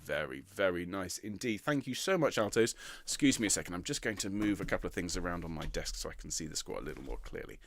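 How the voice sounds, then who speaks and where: A man leading a choir rehearsal, counting in, giving gentle praise and singing short lines high and soft. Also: expressive, quick pace. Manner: encouraging, counts in and sings demonstrations in falsetto. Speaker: choir director. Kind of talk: online rehearsal teaching. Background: piano.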